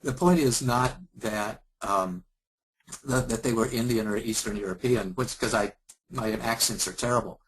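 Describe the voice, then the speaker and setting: A man from Kansas leading a customer service lesson, talking calmly and courteously while he role-plays a helpful support agent. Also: on the low side, moderate pace, slightly rough, poor audio. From Kansas, USA. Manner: calm, apologetic and courteous. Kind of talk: instructional talk with role-play.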